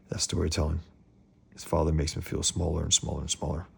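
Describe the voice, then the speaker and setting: Deep gravelly man with opinionated rambling. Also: little pitch movement, darkish tone. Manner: opinionated, digressive, halting restarts. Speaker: comics commentator. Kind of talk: casual commentary.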